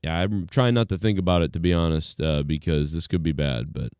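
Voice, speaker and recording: A man's voice: low-pitched, brisk, a little mellow, smooth, no room sound, clean studio sound. A man hosting a live stream, giving casual, rambling commentary full of fillers.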